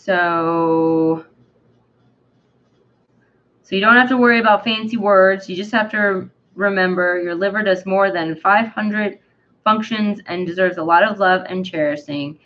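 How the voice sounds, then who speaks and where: A woman hosting a live book club, reading aloud haltingly, stumbling over long words with many ums and uhs. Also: medium pitch, a bit bright, dull audio.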